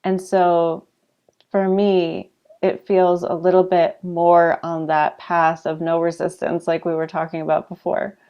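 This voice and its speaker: Woman co-host, low voice, thoughtful and affirming in easy conversation. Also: flat delivery, a little slow, smooth, dull audio. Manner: reflective, encouraging, lots of affirming murmurs. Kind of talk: casual chat.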